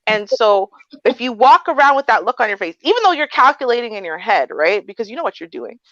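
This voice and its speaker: A woman co-hosting a casual livestream chat, telling stories with animated flair and acting out voices. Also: fairly high pitch, fast talker, dry recording, lo-fi sound. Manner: animated storytelling, acts out a sweet confused voice. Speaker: co-host.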